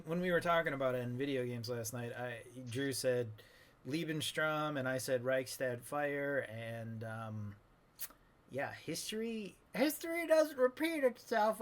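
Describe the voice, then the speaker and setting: A man's voice: fairly high pitch, animated, a little slow, fairly bright tone. Guy putting on a rambling old southern geezer, filtered old-man voice, grumbly and crude. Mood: grumbling. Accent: put-on old-timey Southern. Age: older. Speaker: podcast co-host. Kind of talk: comedic old-man podcast banter.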